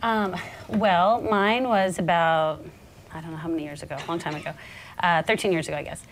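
A woman in her forties telling a personal story on a panel, earnest and halting, her voice shaking with nerves. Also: on the low side, steady tone, a little hiss or hum. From American South. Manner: halting, many restarts, earnest. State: nervous, voice shaking. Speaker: panel speaker.

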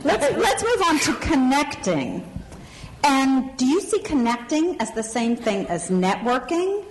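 A woman's voice: high-pitched, very animated, unhurried, a little hiss or hum. A woman moderating a panel, asking questions. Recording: hall reverb, faint crowd.

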